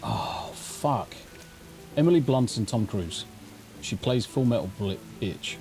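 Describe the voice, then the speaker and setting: A man's voice: mid-range voice, animated, slow, over music. An English man streaming live gameplay, chatting casually in a rambling, sweary way into a desk mic through a mixer.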